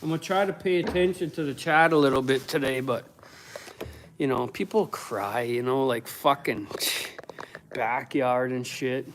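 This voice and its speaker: A man's voice: mid-range voice, moderate pace, slight background noise. A man livestreaming from his home workshop, swearing constantly and ranting at his chat while he builds. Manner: profane, combative, ranting. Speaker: livestreaming woodworker. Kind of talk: casual livestream rant while working.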